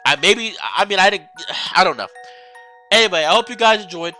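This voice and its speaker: A woman hosting a let's play, reacting to the game with excitable, exasperated outbursts. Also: medium pitch, a little fast, soft background music. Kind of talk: game commentary.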